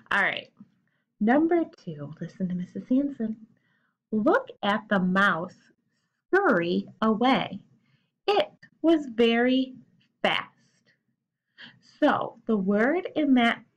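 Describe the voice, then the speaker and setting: A young woman teacher walks young learners through a lesson, taking her time over each step in an unhurried, patient way. Her voice sits at an ordinary middle pitch. The recording sounds a little muffled and lo-fi. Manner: slow, patient, explaining step by step. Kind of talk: recorded classroom lesson for children.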